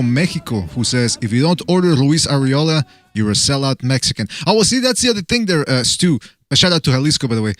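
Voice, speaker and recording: A man's voice: medium pitch, a bit bright, no echo, clean studio sound. A man hosting a call-in boxing podcast, taking callers in an easygoing, profane way, his speech a little mushy. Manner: laid-back, profane, easygoing. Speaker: podcast host taking calls. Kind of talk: casual call-in show banter.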